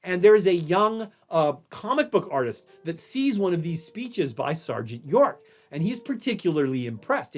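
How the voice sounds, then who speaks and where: A man from Louisiana giving a recorded history lecture, telling it as a story in a conversational way and checking in with his listeners. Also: on the high side. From Louisiana, USA. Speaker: history professor.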